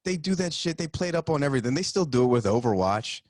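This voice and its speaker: A man's voice: mid-range voice, quick pace, no echo, studio quality. A man in casual podcast chat, ranting and joking about superheroes. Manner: animated, joking rants. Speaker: podcast host.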